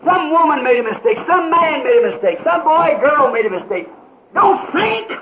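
A man preaching a sermon in an impassioned way, rising to shouts with dramatic pauses, on an old muffled tape. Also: very high-pitched, sing-song, noisy background.

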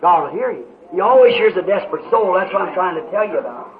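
A man preaching a sermon in an impassioned way, rising to shouts with dramatic pauses, on an old muffled tape. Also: sits high, expressive.

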